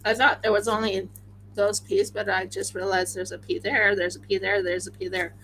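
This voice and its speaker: A tired woman hosting a crafting livestream, chatting casually and excitably, often talking to herself as she works. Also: medium pitch, moderate pace, a little hiss or hum, rough recording. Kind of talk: casual chat while crafting.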